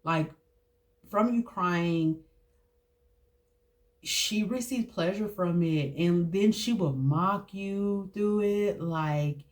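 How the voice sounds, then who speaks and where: A woman, telling her own story in a candid, halting way with many fillers and restarts. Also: fairly low pitch. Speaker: host. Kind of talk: personal storytelling to camera.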